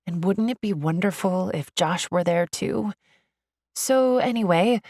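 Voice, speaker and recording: Audiobook narrator: woman, low voice, expressive and upbeat, dry close studio sound. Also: creaky, no room sound. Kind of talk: first-person audiobook narration.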